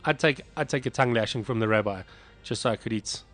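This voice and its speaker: A man's voice: medium pitch, fast talker, a bit bright, faint music behind. A hungover man co-hosting a casual radio chat show, dry and wry in his banter.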